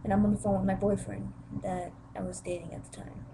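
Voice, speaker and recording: A woman's voice: mid-range voice, little pitch movement, brisk, creaky, background noise. A young woman vlogging, retelling a family conflict with emotion and acting out the quoted voices. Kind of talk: personal storytelling vlog.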